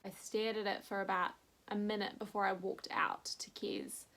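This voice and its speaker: A young woman, telling a personal story in a candid, animated vlog chat. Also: mid-range voice, normal speed. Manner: candid, animated retelling with quoted voices. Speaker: vlogger.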